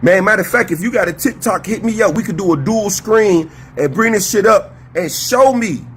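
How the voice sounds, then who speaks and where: A man's voice: sits high, normal speed, fairly bright tone, slight background noise. A man co-hosting a podcast, ranting in a profane, confrontational, emphatic way. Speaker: podcast co-host. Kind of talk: heated casual commentary.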